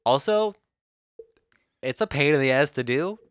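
Man, podcast co-host, casual chat, relaxed, laughs often, dry close recording. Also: mid-range voice, a little slow, clear, resonant tone, no room sound. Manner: laid-back, laughs often, swears casually.

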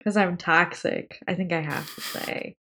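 A woman's voice: fairly low pitch, steady tone, unhurried, bright, forceful tone. A woman co-hosting a casual film podcast, who talks in a playful, self-mocking way and giggles often. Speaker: podcast co-host.

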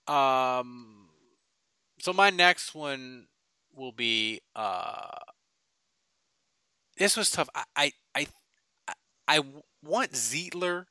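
A man hosting a podcast, chatting casually and joking, with lots of quick restarts. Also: medium pitch, clear, resonant tone, no echo. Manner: joking, excitable, many restarts. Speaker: podcast host. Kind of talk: casual chat.

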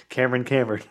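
A man's voice: medium pitch, slight background noise. A man making crude jokes and asides while watching a movie with friends. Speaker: movie riff co-host. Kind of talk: casual riffing over a movie.

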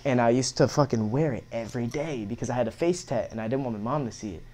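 A young man in his twenties tells rambling, slangy stories in a casual chat, swearing heavily and leaning on "bro" and "like" as fillers. He talks fast in a mid-range voice with a slightly mellow quality.

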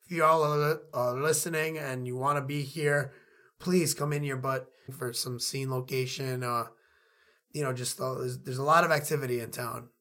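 This excitable podcast co-host from Queens has a New York accent and a medium-pitched voice at a moderate pace. He rambles and repeats himself in casual chat.

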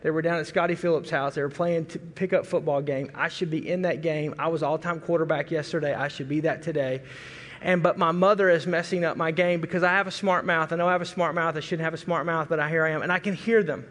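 A middle-aged man from Arkansas preaching a sermon, telling a folksy, animated story and acting out family voices. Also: on the high side, quick pace. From Arkansas, USA. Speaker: pastor. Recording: long reverb of a large hall.

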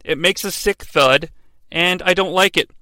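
Wry, bright-voiced male wrestling podcaster. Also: high voice, measured pace, no echo. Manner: wry, sarcastic asides. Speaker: podcast host recapping wrestling. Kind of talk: comedic recap narration.

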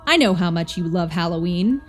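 A woman's voice: fairly low pitch, lively intonation, brisk, faint music behind, lightly acted. A woman doing a kindly male janitor. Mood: friendly. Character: kind, oblivious male school janitor.

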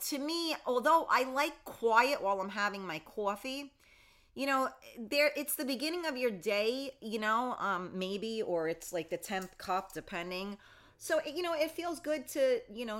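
Bright-voiced woman hosting a livestream. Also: medium pitch. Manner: chatty, warm greetings to viewers, reads comments aloud. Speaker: livestream host. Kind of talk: casual livestream chat reading comments.

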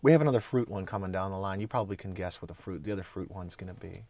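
A man from the American Midwest co-hosting a podcast in casual chat, rambling with halting restarts. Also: deep voice, mellow, no room sound. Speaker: podcast co-host. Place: Florida.

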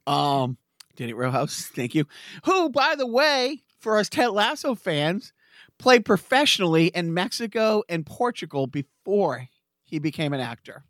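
A man in his forties holds forth on a casual podcast in a higher-than-usual voice. He rambles and laughs through his stories, restarting sentences as he goes. The recording is dry and close. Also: very animated, a little slow, a bit bright, no room sound. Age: 40s. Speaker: podcast co-host. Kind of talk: casual chat.

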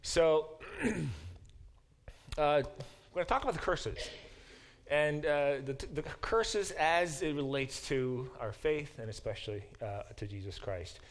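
Man, professor, classroom lecture, halting delivery, reads verses aloud. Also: fairly high pitch, lively intonation. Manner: halting, many fillers and restarts. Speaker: professor teaching a Bible class.

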